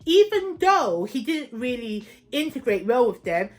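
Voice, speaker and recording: A young woman chatting in a casual book vlog, animated, opinionated and playfully dramatic. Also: fairly high pitch, unhurried. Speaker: book vlogger. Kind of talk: casual reading-update vlog.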